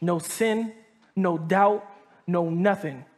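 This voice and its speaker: A man's voice: sits high, slow pace. A male pastor preaching a sermon to a live audience in a casual, slangy way, often checking in with "right?" and restarting sentences. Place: church hall before a live audience.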